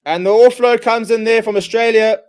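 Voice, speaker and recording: A man hosting a live rugby watchalong, calling the play in quick bursts and ranting in exasperation at his own side. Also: very high-pitched, fairly even intonation. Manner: exasperated, ranting fan commentary. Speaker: watchalong host. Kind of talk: live match watchalong commentary.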